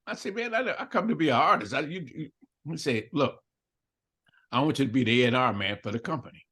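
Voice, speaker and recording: A man's voice: a little high, sing-song, fairly quick, fairly bright tone, slightly rough. An older man telling a story in an interview, acting out both sides of the dialogue and laughing often. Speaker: interview guest.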